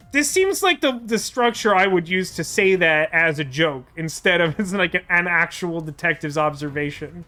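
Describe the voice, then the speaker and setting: A man's voice: sits high, expressive, measured pace, bright, forceful tone. A man streaming a game, chatting casually and reading its dialogue aloud in a playful, self-deprecating way. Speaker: let's play streamer.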